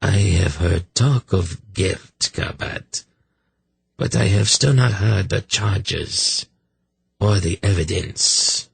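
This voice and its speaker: A sinister, hollow-voiced old high priest speaks slowly and without feeling, put on by a male narrator. His voice sits low and gravelly, with a husky edge. He sounds dry and close. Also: no echo, exaggerated voice. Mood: cold commanding. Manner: cold, non-committal, slow and commanding.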